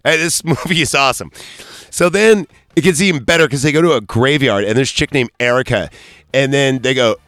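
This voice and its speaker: A man's voice: mid-range voice, expressive, quick pace, fairly bright tone, no room sound. Guy on a podcast rambling about a movie, cussing a lot, dry close sound. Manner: rambling, profane, loose storytelling. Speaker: podcast host. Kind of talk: casual movie review chat.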